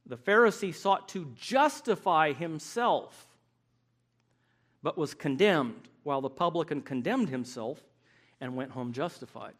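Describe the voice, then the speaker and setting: A man preaching a sermon, emphatic and animated, acting out the voices he quotes. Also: on the high side, unhurried.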